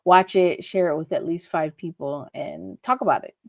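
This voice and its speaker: A woman's voice: deep voice, moderate pace, gravelly, no room sound, clean studio sound. A woman, co-hosting a casual review chat in a thoughtful way with many restarts. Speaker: co-host.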